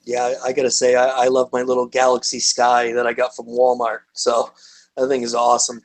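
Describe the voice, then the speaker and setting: A man's voice: medium pitch, completely flat delivery, brisk. Friendly man who stammers over his starts. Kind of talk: casual live-stream chat.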